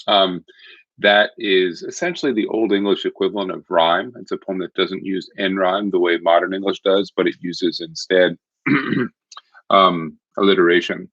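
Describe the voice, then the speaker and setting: A man's voice: sits low, normal speed, fairly bright tone, dry recording. A man explaining literature in a conversational recorded lecture, step by step. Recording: dull lo-fi recording.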